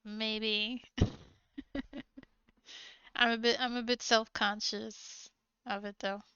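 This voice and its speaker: A woman's voice: a little high, little pitch movement, slow, sharp tone, smooth, no room sound, dull audio. A woman streaming live, chatting casually with viewers, hesitant and giggly with many trailing ums.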